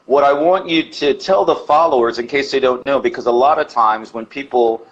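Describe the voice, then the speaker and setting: A man's voice: mid-range voice, moderate pace, highs cut off. A man from New Jersey interviewing a guest in a casual chat, often giving encouraging replies.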